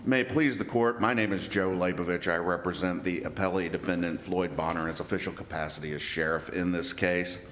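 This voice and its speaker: A man with a lowish voice presents an appellate argument in a courtroom. He speaks in a measured way and presses hard on particular words. The room rings with noticeable echo. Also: a bit bright, a little hiss or hum. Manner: measured, emphatic about word choice, with occasional restarts. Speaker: attorney for the appellee.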